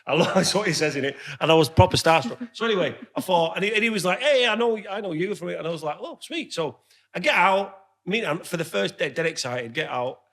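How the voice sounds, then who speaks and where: A man with a Northern English accent co-hosts a casual pub podcast, telling candid stories and swearing freely. His voice is on the high side, expressive and a bit bright, and he talks at a quick pace.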